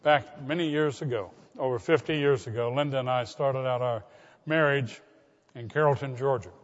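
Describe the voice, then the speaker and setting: A man's voice: mid-range voice, moderate pace. An older man, a pastor delivering a sermon in an earnest way, asking his congregation direct questions. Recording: dull recording with long hall reverb.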